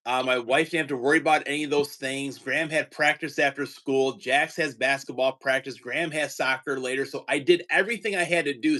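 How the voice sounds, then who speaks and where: A man's voice: fairly high pitch, pushed and bright. A man hosting a casual livestream chat from home, easygoing and rambling. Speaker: teacher and card-collecting stream host.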